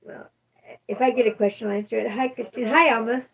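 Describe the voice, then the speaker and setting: A woman with a gravelly, creaky voice co-hosts a livestream and reads viewer comments in a mild, low-key way. She sits back from the mic and sounds distant. The sound is dull. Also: steady tone, quick pace, slight background noise. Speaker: livestream co-host reading chat. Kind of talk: casual chat, reading viewer comments. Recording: dull, distant stream audio.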